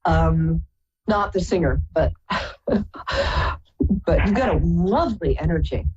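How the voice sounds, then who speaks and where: A Brooklyn, New York psychic radio host speaks slowly in a lowish, animated voice, a little mellow and breathy at the edges. Hosting a live call-in reading, she's affectionate and chatty, calling callers darling and sweetheart. The recording has its highs cut off.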